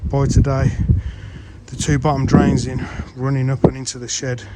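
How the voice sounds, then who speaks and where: A man's voice: medium pitch, level tone, normal speed, heavy background noise. A man vlogging outdoors on a building site. He talks casually to viewers as he works, with mild swearing. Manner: chatty, mild swearing, calls viewers guys. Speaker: pond builder vlogging his project. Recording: music playing underneath.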